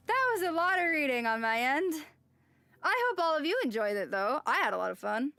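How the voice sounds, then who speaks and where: Female streamer with a high voice, chatty, sighs a lot, faint music behind. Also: a bit bright, no echo. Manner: chatty, with frequent sighs and exclamations. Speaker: game streamer. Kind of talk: casual live-stream chat and reading game text aloud.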